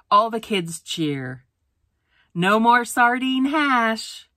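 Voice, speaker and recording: A woman's voice: mid-range voice, animated, extremely slow, bright, forceful tone, no room sound, clean studio sound. A woman teacher reading a picture book aloud for a phonics lesson, sounding out words letter by letter.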